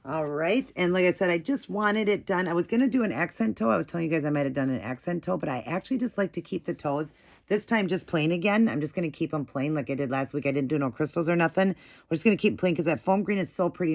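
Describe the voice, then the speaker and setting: A woman's voice: low voice, vocal fry. Chatty woman gushing over nail art. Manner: chatty and gushing, talks while working. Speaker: nail art tutorial host. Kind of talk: casual step-by-step tutorial.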